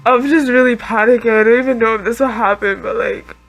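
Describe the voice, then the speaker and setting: A woman's voice: fairly high pitch, steady tone, brisk. A woman hosting an anime reaction video, talking in an emotional, panicky and rambling way with many exclamations. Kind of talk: live reaction commentary.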